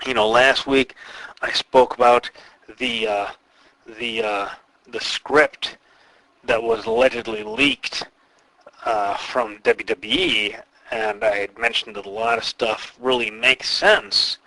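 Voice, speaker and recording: A man's voice: medium pitch, animated, slow, creaky, bright, forceful tone, no room sound, low-quality recording. A man hosting a wrestling podcast, talking casually in a rambling, opinionated way with lots of fillers. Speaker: podcast host, wrestling promoter.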